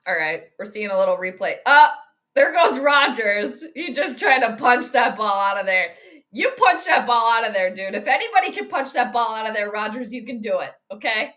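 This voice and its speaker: A woman on the high side of the pitch range hosts a casual football live stream at a moderate pace, excitable and chatty, reading the chat out and laughing often.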